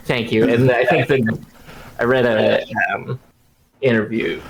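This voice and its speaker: A man narrating as game master over a video call, relaxed and full of fillers. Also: mid-range voice, takes it slowly, gravelly, pauses often, a little hiss or hum. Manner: relaxed, many fillers and restarts.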